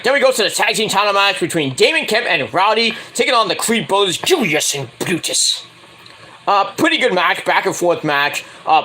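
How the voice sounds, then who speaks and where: A man casually reviewing a wrestling show on his own, rambling with crude asides. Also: sits high. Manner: rambling, crude asides, jumps into loud impressions.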